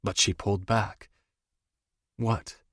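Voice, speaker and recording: Low-voiced male audiobook narrator. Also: unhurried, dry recording, studio quality. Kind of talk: first-person romance audiobook narration.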